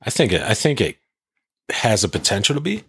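A man in casual conversation, telling stories in an animated, profane way. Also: on the low side, fairly quick, creaky, breathy edge, no room sound, clean studio sound. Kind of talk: casual chat.

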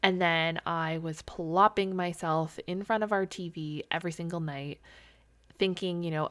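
A woman's voice: lowish voice, moderate pace, fairly bright tone, dry recording. Candid woman in her thirties, dry sound. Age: 30s. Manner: candid, open, casually swears. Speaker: podcast host. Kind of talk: solo personal podcast talk.

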